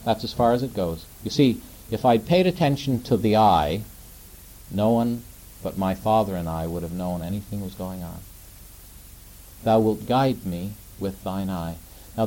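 Middle-aged male preacher, warm mellow tone, gentle and conversational, leans on rhetorical questions. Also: on the low side, rough recording. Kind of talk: sermon.

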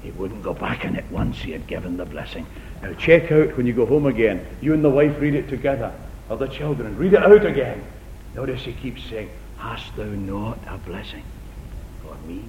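A middle-aged man preaching a sermon in a church hall, earnest and dramatic, swinging from loud appeals to hushed near-whispers and repeating key phrases for emphasis. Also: lively intonation, brisk. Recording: echoey, dull recording with low rumble.

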